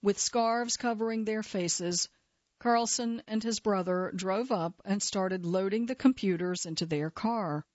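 A woman narrating a true-crime story in a measured, steady scripted delivery. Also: medium pitch, dry recording. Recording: slightly dull, dry studio sound.

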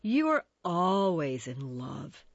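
Woman reader doing an irritable, mocking young man, pitched up, on a dull dry recording. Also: very animated, normal speed, no echo. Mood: sarcastic. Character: hot-tempered sarcastic young man, Romeo's friend.

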